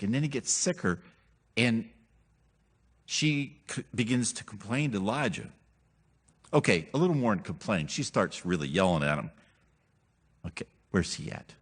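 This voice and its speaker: Animated storytelling male preacher. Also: on the low side, slightly rough. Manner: conversational storytelling with humor and asides; animated, acts out quoted characters. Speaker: pastor. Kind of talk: sermon.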